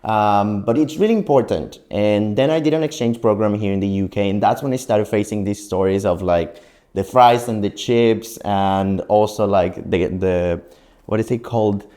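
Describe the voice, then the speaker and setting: A man's voice: fairly low pitch, normal speed. A young adult man from Mexico, a Spanish native speaker, guesting on a podcast and telling stories in casual chat with frequent laughs. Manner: lively storyteller, laughs often.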